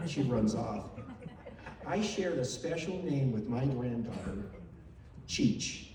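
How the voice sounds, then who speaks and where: A man's voice: medium pitch, animated, slow, pauses often, darkish tone. An older man telling heartfelt, emotional stories in a memorial tribute, repeating phrases as he speaks. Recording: very echoey hall, voice from far off.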